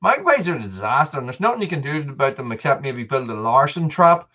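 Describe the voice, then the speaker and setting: A man hosts a casual live stream, rambling as he chats with viewers, often restarting and repeating words. His medium-pitched voice is very animated, fast, pushed and bright, and the recording sounds muffled.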